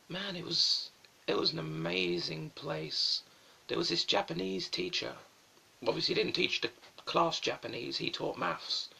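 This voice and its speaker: A man's voice: a little high, vocal fry, pushed and bright, breathy edge. A young man rambling through stories on a live stream, swearing often and mocking himself.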